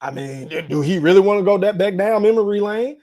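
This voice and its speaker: Animated man hosting a live boxing podcast. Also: high voice, fairly quick. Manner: animated, laughs often, talks straight to the chat. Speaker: podcast host. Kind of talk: casual live-stream commentary.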